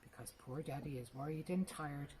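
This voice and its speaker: A woman voicing a patient mother who speaks in a soft, hushed way, in a storybook reading. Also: low voice, normal speed, slight background noise, natural voice. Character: patient hushing mother, tired and gentle.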